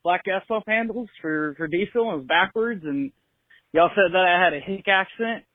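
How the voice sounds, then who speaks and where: A young man from California calls in to a show and leaves a friendly, laid-back voicemail. His voice sits high and comes through a thin, tinny phone line. The sound is dry, with no room around it. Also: normal speed, dry recording. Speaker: caller. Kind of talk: voicemail to a podcast.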